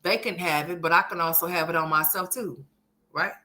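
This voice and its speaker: Chatty woman on a livestream, calls the chat honey, bright edgy voice, sits a bit low. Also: a little fast. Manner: chatty and emphatic, calls viewers honey and sweetheart; swings between loud animated bursts and soft murmurs. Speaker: livestream commentary host. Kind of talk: casual livestream commentary, reading viewer chat.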